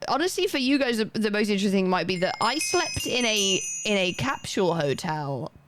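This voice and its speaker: A woman's voice: medium pitch, big pitch swings, brisk, background noise. A young woman livestreaming, chatting casually and rambling as she reads chat aloud and thanks viewers.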